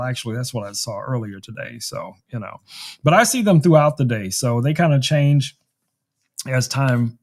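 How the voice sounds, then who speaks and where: A man hosting a casual tech live stream, chatting, laughing often and demoing a gadget. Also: a little high.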